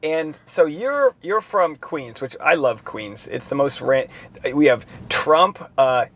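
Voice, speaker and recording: A man's voice: fairly high pitch, animated, takes it slowly, fairly bright tone. A male stand-up comedian hosting a casual interview, asking jokey questions with rambling restarts.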